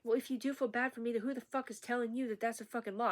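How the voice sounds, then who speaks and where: A woman's voice: a little high, steady tone, racing. Woman going off on a long rambling rant, swearing a lot, worked up. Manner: rambling, profane, agitated. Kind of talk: unscripted rant to camera.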